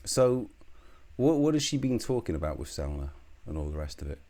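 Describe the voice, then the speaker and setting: A man's voice: very deep voice, sing-song, brisk, mellow. A British man giving a solo political commentary, scornful and heated, swearing often.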